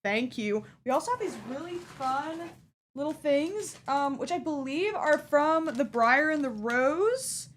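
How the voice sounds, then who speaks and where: With the hiccups, a bubbly woman unboxes a fan's care package on her stream, chatting casually and gushing happily at each item. Her high-pitched voice has lively intonation and an unhurried pace, with slight background noise.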